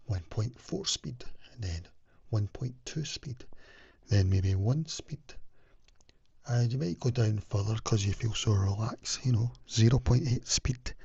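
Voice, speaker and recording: Husky low-voiced man, rambling advice. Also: dark tone, no echo. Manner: rambling, with many fillers and restarts; drops into whispers now and then. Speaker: self-help vlogger. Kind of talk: casual rambling advice talk. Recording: dull lo-fi recording.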